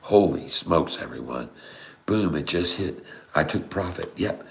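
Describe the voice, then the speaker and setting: A middle-aged man giving excited, folksy live commentary on trading charts, full of exclamations and constant asides to his viewers. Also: low voice, unhurried, vocal fry, slight background noise. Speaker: day-trading streamer.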